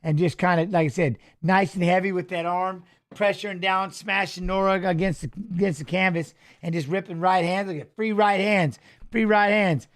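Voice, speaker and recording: High-voiced man rambling fight commentary. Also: fairly even intonation, normal speed, a bit bright. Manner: rambling, profane, restarts and fillers. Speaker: fight watch-along co-host. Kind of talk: casual live fight commentary and storytelling.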